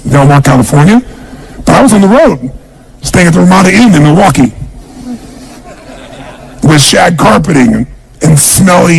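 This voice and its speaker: A man's voice: on the high side, creaky, a little hiss or hum, low-quality recording. A man giving an emphatic motivational seminar speech, drilling the audience with questions and call-and-response. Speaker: motivational speaker.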